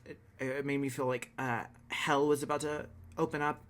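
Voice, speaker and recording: A man's voice: medium pitch, flat delivery, moderate pace, fairly bright tone. Blunt, opinionated man vlogging. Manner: swears casually. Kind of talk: casual reaction vlog.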